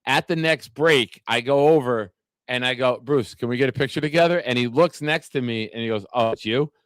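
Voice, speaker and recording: A man's voice: medium pitch, fairly quick, smooth, dry recording. A man hosts a loose sports talk show, trading brash jokes and stories with his guests. His voice sits in a middle register, recorded close and dry with no room sound. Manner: brash, joking storyteller. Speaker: podcast host.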